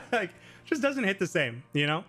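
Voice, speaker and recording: A man hosting a live teaching stream talks through his points in a loose, chatty way, leaning on lots of filler words. His voice sits a little on the high side. Faint music plays behind him. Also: very animated, normal speed, fairly bright tone. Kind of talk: casual live Q&A explanation. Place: living in Japan.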